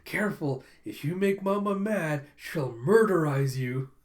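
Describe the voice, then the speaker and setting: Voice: mid-range voice, big pitch swings, moderate pace, close to an everyday voice. A manga streamer voicing a small girl who talks bluntly and seriously, in a raised childlike voice.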